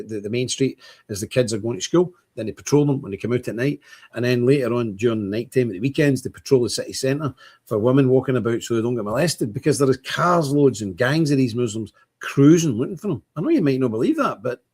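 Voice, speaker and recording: A man's voice: medium pitch, darkish tone. A man hosting a livestream, talking bluntly and emphatically, chuckling often. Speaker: livestream host. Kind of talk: casual ranting monologue.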